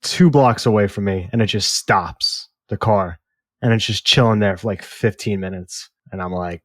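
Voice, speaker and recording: A man co-hosting a movie podcast, telling an exasperated story in casual, animated chat with some swearing. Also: mid-range voice, normal speed, no room sound, studio quality. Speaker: podcast co-host.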